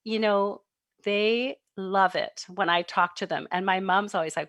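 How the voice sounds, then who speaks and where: Middle-aged woman telling stories on a livestream, mid pitch, lots of laughing and little voices, dry sound. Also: a little slow, dry recording. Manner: animated, laughs and acts out quoted voices. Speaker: parenting workshop presenter. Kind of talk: warm storytelling talk to an online audience. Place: home, online livestream. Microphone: computer mic on a video stream.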